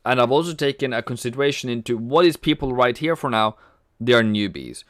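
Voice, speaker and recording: A man's voice: mid-range voice, expressive, a little fast, a bit bright, no room sound, studio quality. A man hosting a casual trading livestream, chatty, reading viewer comments aloud and cracking jokes. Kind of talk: casual live-stream chat.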